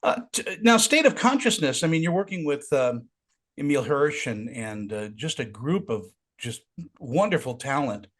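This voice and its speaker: An interview host, a man, with a mid-pitched and very lively voice that moves up and down a lot. He asks his questions with enthusiasm and is quick to pay compliments.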